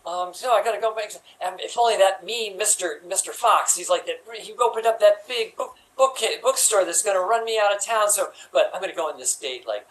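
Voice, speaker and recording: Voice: medium pitch, brisk, hardly any pauses, rough recording. An improv performer playing through a romantic comedy scene, rambling and playful.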